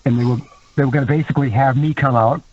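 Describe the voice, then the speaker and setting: A man, a guest on a podcast, telling a story in a casual, animated way, laughing often and acting out quotes in other voices. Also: mid-range voice, fast talker, no echo, highs cut off. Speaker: guest wrestler.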